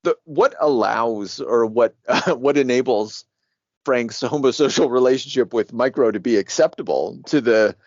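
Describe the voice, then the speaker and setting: A man co-hosting a casual podcast about comics, talking in an animated way, laughing often and swearing freely. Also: mid-range voice, unhurried, no room sound. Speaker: podcast co-host. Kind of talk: casual comic book discussion. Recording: dry, dull lo-fi sound.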